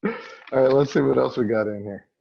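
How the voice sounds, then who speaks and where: A man's voice: medium pitch, fairly quick, creaky, lo-fi sound, slight background noise. A man, a comedian guest, chatting casually and self-deprecatingly in an interview, often trailing off and restarting.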